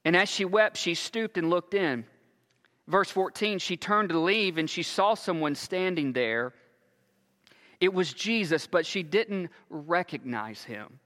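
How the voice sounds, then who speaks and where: A man preaching a sermon in a slow, earnest way with long pauses, reading and retelling scripture. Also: high voice, expressive, fairly bright tone. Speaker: pastor. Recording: long hall reverb.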